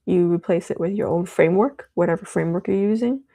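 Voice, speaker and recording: A young woman hosting a live stream, chatting casually and rambling with many fillers as she demos software. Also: fairly low pitch, fast talker. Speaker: livestream host.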